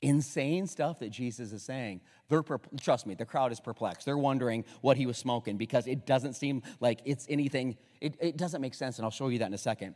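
A man preaching a sermon, joking and swinging from hushed to loud, in an echoey church hall. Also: mid-range voice, a little fast, few pauses. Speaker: pastor.

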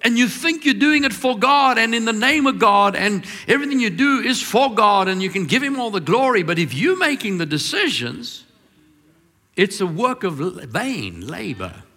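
A man preaching a sermon as pastor, swinging between emphatic, drawn-out declarations and quieter, confiding storytelling. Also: high-pitched, sing-song, slightly rough, long reverb tail.

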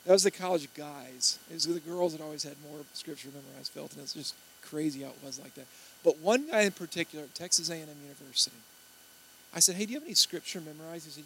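High-voiced man preaching a sermon. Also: quick pace, bright, forceful tone, slight background noise, low-quality recording. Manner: storytelling, acting out quoted voices. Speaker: pastor.

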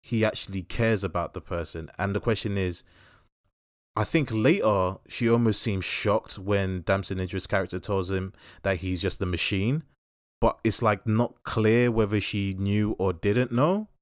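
A man's voice: fairly low pitch, moderate pace, no room sound, clean studio sound. A man casually reviewing a film in a podcast chat, rambling and thoughtful with frequent fillers.

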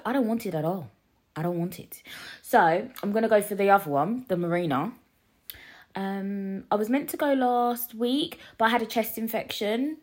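A young woman hosting her own podcast from a living room, rambling casually with many restarts and a lingering cough. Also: lowish voice. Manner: chatty, rambling, self-deprecating, lots of fillers and restarts. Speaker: podcast host. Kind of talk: casual solo podcast chat.

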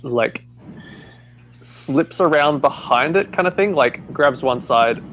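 A man's voice: on the high side, animated, slow, fairly bright tone, slight background noise, poor audio. A man playing a tabletop game, casually describing his character's moves with lots of fillers. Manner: casual, rambling with many "like"s. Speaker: player.

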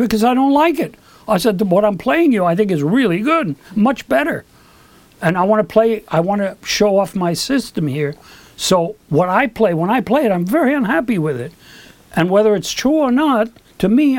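A man's voice: high voice, dry recording. An older man telling stories as an interview guest, rambling with asides and acting out the voices of people he quotes. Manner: animated, acts out quoted dialogue. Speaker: guest, recording engineer. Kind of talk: storytelling in an interview.

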